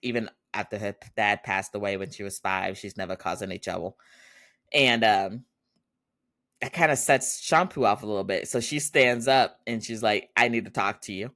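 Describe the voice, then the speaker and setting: A man's voice: on the low side, normal speed, sharp tone, no echo, studio quality. A man hosting a podcast, casually recapping a drama episode, laughing often and acting out the characters' lines. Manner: chatty, laughs often, acts out quotes. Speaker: podcast host.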